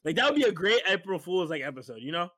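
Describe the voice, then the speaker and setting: A man's voice: high-pitched, big pitch swings, fast, a bit bright, no echo, studio quality. A young man co-hosting a podcast, upbeat and laughing easily. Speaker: podcast co-host. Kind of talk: casual chat.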